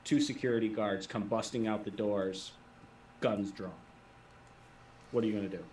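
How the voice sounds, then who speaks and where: This game master narrates the scene and calls for dice rolls in a tabletop RPG, speaking in a fairly low, steady, darkish voice at a moderate pace. The distant mic captures an echoey room and a little hiss or hum.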